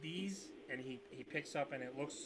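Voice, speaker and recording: A man's voice: mid-range voice, level tone, a little fast, background noise. A man narrating as game master of a tabletop game on a video call, rambling with fillers. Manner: rambling, full of fillers and restarts. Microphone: video call setup.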